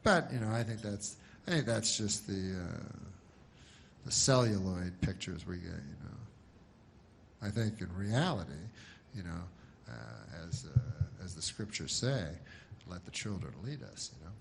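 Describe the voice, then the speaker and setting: A male stand-up comedian telling jokes in a deadpan, rambling way, full of restarts and filler. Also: low-pitched, measured pace, creaky, slight background noise.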